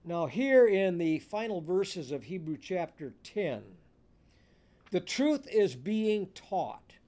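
Male pastor, higher voice, measured and emphatic sermon delivery. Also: warm tone. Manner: slow, deliberate preaching with emphatic scripture reading.

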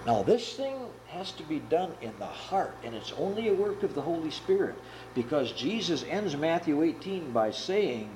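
A male preacher giving a sermon in a fairly high voice that swoops up and down as he tells a story. He sounds earnest and animated, with a faint hum of noise behind him. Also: normal speed, poor audio.

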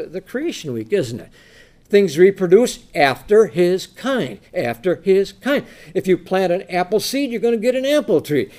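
Animated preacher man, rhetorical questions. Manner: animated, rhetorical questions, shifts between loud reading and low asides; reads scripture in slow, emphatic tones. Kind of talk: sermon with scripture reading.

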